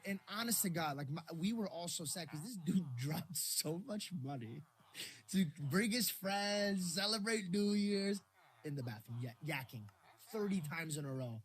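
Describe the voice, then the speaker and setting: Lively young storyteller on a podcast. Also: mid-range voice, unhurried. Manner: lively storytelling, acts out others' lines. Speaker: podcast co-host. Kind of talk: casual chat.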